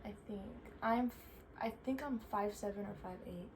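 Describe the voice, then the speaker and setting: A woman's voice: medium pitch, moderate pace, darkish tone, slight background noise. A young woman answering viewer questions in casual chat, chatty and full of "like" fillers. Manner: chatty, filler-heavy with frequent "like".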